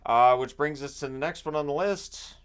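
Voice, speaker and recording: A man's voice: fairly high pitch, normal speed, clear, resonant tone. A man hosting his own channel, talking through picks in a loose, rambling way with joking asides. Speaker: hockey channel host. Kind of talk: casual solo commentary. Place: home, washer running nearby.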